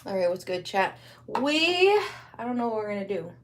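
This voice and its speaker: A woman's voice: medium pitch, sing-song, normal speed, a little hiss or hum. A young woman from Wisconsin chatting casually on a livestream while she crafts, rambling in slang.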